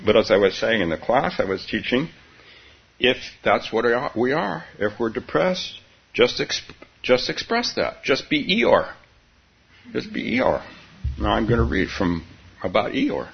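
A man giving a dharma talk as a meditation teacher, soft-spoken and halting, often laughing gently between phrases. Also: fairly low pitch, very animated, creaky, slightly rough. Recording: dull, slightly hissy recording.

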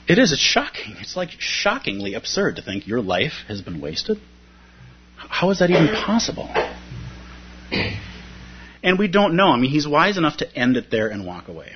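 A man's voice: fairly high pitch, very animated, moderate pace, a little hiss or hum. A man giving a reflective, conversational dharma talk about a poem, often checking in with his listeners. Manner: reflective, conversational, frequent "right?". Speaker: dharma teacher. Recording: muffled lo-fi talk recording.

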